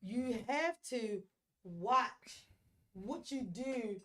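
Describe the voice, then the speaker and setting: A woman host speaks frankly in a relaxed, casual chat. Her voice sits a little high for a woman. She talks in a plain, conversational way. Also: drawn-out words.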